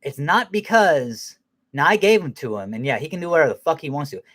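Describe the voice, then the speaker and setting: A man's voice: fairly high pitch, big pitch swings, brisk, a bit bright. Profane ranting man. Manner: angry, profane, rambling, laughs at himself. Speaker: podcast host. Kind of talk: profane casual rant.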